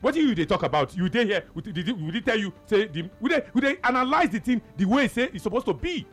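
Nigerian radio host guy, high and bouncy voice, keeps repeating his point, faint music under. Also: very animated, fast, husky. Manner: forceful, lecturing, repeats himself. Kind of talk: heated call-in radio debate.

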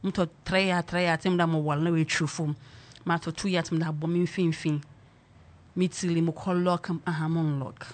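A woman's voice: on the low side, flat delivery, moderate pace. A woman with a Ghanaian accent hosting a radio show, chatting energetically and teasing, switching between English and Twi. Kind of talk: lively radio chat. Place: radio studio. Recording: loud music bed behind voice.

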